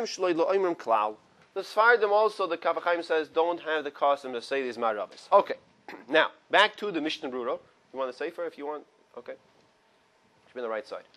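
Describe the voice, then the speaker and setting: A man teaches a morning Torah class, pitched a little high for a man. He reads each Hebrew phrase slowly and then translates it. Between readings he drops into loose, chatty asides to a small group. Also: a bit bright. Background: small study group in the room.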